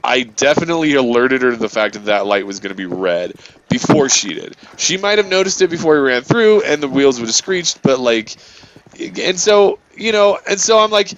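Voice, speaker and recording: A man's voice: fairly high pitch, moderate pace, dull audio, a little hiss or hum. A man hosting a gaming channel, telling a rambling story full of swearing and filler words. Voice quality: profane, filler-heavy, animated retelling. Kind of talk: rambling storytelling over gameplay.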